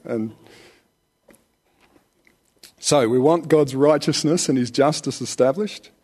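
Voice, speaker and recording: A man preaching a relaxed, conversational sermon, with rhetorical questions and chuckles. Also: mid-range voice, slow pace, husky. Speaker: pastor.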